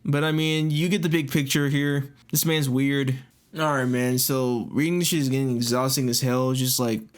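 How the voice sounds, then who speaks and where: A young man in a casual commentary vlog, talking loosely at a mid pitch. He swears freely and keeps slipping into incredulous, mocking outbursts over what he's reading. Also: fairly even intonation, normal speed. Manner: incredulous, profane, mocking rants. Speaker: commentary YouTuber.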